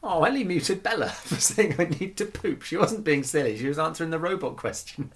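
Man, co-host, bright voice, lively pitch, teasing, chuckling, casual chat. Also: a little fast. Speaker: podcast co-host. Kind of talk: casual chat, reading listener comments.

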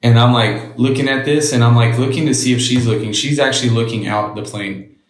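A man's voice: medium pitch, fairly even intonation, brisk, echoey room, low-quality recording. A man as an interview guest, telling a story casually and bluntly, with lots of swearing and quoted dialogue.

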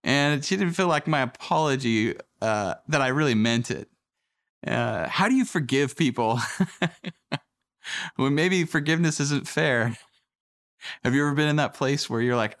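A man's voice: mid-range voice, animated, measured pace, pauses often, fairly bright tone. Conversational male pastor telling stories. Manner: conversational storytelling with acted quotes. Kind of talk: sermon.

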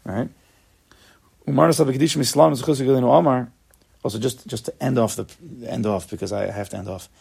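A man teaching a Torah class in a gravelly, husky voice. He speaks emphatically, doubling back on words and mixing Hebrew terms into his English. His pitch sits in an everyday middle range. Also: steady tone, fast, darkish tone. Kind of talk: spoken Torah lecture.

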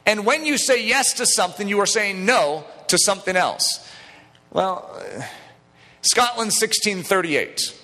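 In a church sanctuary with a long trailing reverb, a middle-aged pastor delivers a lively, jokey sermon that builds into emphatic declarations. His man's voice is fairly high and bright, swinging widely in pitch, and his pace is a little slow.

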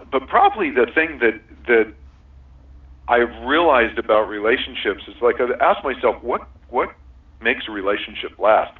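In a casual interview, a guest explains his relationship compatibility system in a fairly low voice. He sounds earnest and reflective, laughs often, and restarts many times, while the recording has a distant, tinny phone-line quality.

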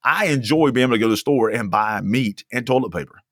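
A man's voice: mid-range voice, fast talker, no room sound, clean studio sound. A young man preaching a sermon as a pastor, emphatic and fond of repeating lines for stress. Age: young adult.

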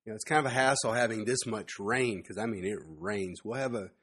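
A man giving a sermon, telling stories in a relaxed conversational way with frequent asides to the listeners. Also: lowish voice, fairly quick, breathy edge. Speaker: preacher.

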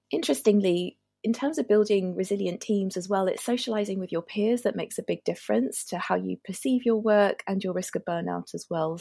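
A woman doctor talking through burnout prevention in a measured, explanatory way on a podcast. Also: mid-range voice, gravelly, mellow, breathy edge, no echo, clean studio sound. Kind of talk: podcast conversation.

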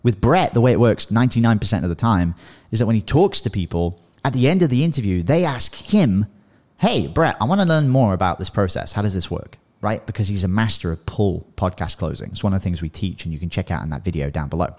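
A man hosting a podcast, giving casual coaching advice in an animated way and often checking in with "right?" and "you know". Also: lowish voice, fast. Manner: animated, acts out sample dialogues, frequent "you know" and "right?". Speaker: podcast host and business coach.

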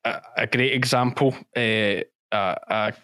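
A man, a former policeman turned sheep farmer, talks through his stories in a relaxed, rambling way. He laughs easily and repeats his points as he goes. His voice sits at a middle pitch, recorded close and dry with no room sound. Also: a little slow, smooth, no echo. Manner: chatty storytelling, laughs often, repeats himself. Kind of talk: casual podcast interview.

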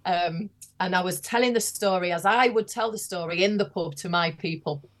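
A woman's voice: fairly low pitch, moderate pace. Wry regional English woman priest. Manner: candid, wry reflection. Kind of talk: conversational interview.

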